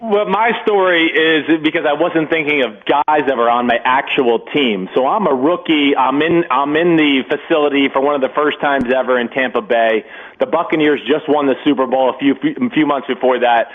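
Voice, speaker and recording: A man, a former football player, telling an animated locker-room story on a radio show and acting out the lines of others. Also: medium pitch, moderate pace. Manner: animated, acts out quotes of others. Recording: tinny phone line.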